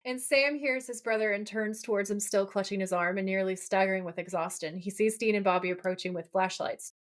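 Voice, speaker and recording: A woman co-hosting a podcast, retelling a TV episode in a gushing, animated way. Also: mid-range voice, brisk. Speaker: podcast co-host. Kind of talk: casual podcast chat.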